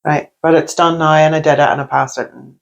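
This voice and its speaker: A woman's voice: sits low, a little fast, gravelly. A woman in her fifties co-hosting a podcast, chatting casually and giggling between stories. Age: 50s. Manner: chatty, giggly, animated storytelling. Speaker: podcast co-host. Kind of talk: casual chat.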